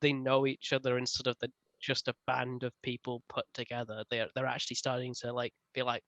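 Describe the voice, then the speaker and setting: A man co-hosting a casual book club review, talking in an animated way with frequent laughs. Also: medium pitch, fairly quick, hardly any pauses, no room sound. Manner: animated, laughs often, rises loud when ranting.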